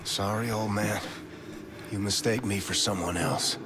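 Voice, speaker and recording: A man's voice: lowish voice, fairly even intonation, measured pace, background noise, natural voice. An actor playing a curt soldier hero who brushes off an old man, in a game. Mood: blunt. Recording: game audio with loud music.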